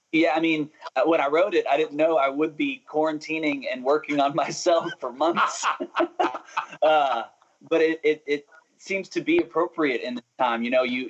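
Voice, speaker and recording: A man's voice: on the high side, highs cut off. A young adult man talking as a musician guest in a casual interview, chatty and self-interrupting, often laughing.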